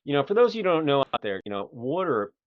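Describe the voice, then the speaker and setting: A middle-aged man from the Philadelphia area, with the accent to match, hosts a casual interview podcast, rambling and folksy with plenty of fillers. His voice sits on the high side and is clean in tone, delivered very fast and with a lot of animation. The recording is dry but muffled and lo-fi.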